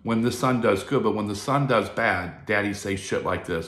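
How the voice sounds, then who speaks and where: Male host, low register, loose profane monologue, roomy echo. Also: moderate pace, few pauses, fairly bright tone. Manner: profane, rambling storyteller. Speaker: video host. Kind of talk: casual monologue.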